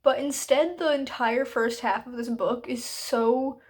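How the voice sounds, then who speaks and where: A woman's voice: high-pitched, fairly even intonation, a little slow. A woman ranting casually about a book in a reading vlog, chatty and exasperated, with lots of fillers. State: hiccuping. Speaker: book vlogger.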